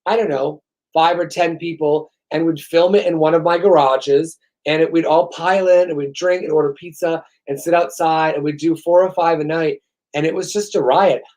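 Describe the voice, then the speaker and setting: Male host, rambling profane comic, self-deprecating, slightly higher voice. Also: fairly even intonation, normal speed, a little mellow. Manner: profane, sarcastic, self-mocking. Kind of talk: rambling comedic monologue.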